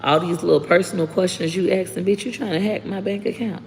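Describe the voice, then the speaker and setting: A woman talks straight to her live-stream viewers, blunt and unfiltered, swearing freely between thank-yous to commenters. Her voice has a gravelly fry, and it rings with a long reverb against a faint background hum. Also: fairly low pitch, steady tone, fast. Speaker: livestreaming content creator. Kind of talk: casual live-stream chat reading comments.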